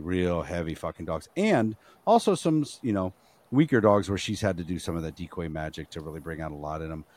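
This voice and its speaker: A man hosting a podcast, rambling and halting, with plenty of swearing. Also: low voice, darkish tone. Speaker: podcast host. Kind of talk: casual podcast chat.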